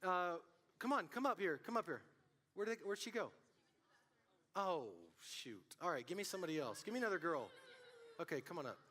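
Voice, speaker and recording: A man preaching to a student group as youth pastor, telling stories in an animated way and calling out to the room. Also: high voice, a little fast, long pauses. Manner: animated storytelling, calls out to the audience. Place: church hall. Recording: long hall reverb.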